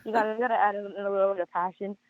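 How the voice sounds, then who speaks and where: A hoarse man with a high voice calls in over a tinny phone line. He talks fast and rambles, tripping over himself with stammered restarts. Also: level tone, background noise. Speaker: caller. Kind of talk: casual sports call-in chat.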